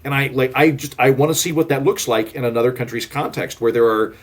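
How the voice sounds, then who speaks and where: Speaking quickly in a mid-range voice, a man from Oklahoma appears as a guest author in a laid-back podcast conversation. His manner is chatty and meandering, heavy on "like" and frequent restarts.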